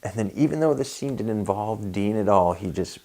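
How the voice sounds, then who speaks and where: A young man telling a comedic story about an audition in a dry, tired deadpan. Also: fairly low pitch, moderate pace.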